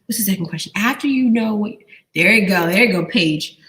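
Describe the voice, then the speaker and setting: Young adult woman, mid-range pitch, live-stream business coach, energetic call-and-response teacher who repeats her prompts. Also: a little fast. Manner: animated, repetitive call-and-response questioning. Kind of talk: live online training, quizzing viewers.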